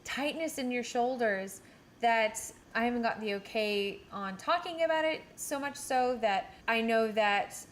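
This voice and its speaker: Swearing, blunt woman with a high voice. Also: measured pace, slight background noise. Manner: blunt, swears often, laughs mid-sentence. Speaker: podcast co-host. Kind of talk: casual podcast chat.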